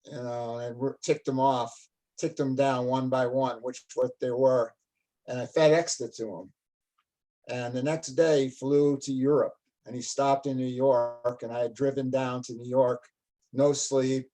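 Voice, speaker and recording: An older man, a guest, telling a story in an animated, casual way and laughing often. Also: mid-range voice, measured pace, low-quality recording.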